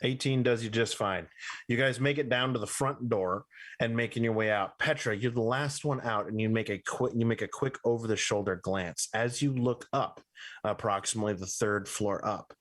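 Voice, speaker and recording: A man running a tabletop game as game master, narrating scenes in a loose, halting way with fillers and restarts. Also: on the low side, fairly bright tone.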